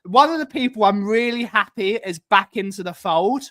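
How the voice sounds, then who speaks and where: A man's voice: high-pitched, normal speed, a bit bright. A man co-hosting a casual livestream chat, enthusiastic and greeting viewers by name. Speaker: livestream co-host.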